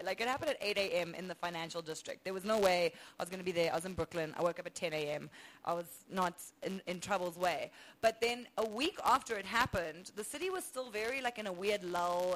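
A South African woman in her thirties, a comedian telling a story in a casual, animated way and laughing often. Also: mid-range voice, rough recording. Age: 30s. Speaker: comedian guest. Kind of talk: storytelling chat.

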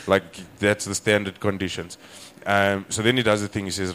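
A man's voice: fairly low pitch, fairly even intonation, quick pace, hardly any pauses, a bit bright, a little hiss or hum. A young man, a comedian, telling a story in casual podcast chat and acting out both sides of the dialogue, swearing freely. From South Africa.

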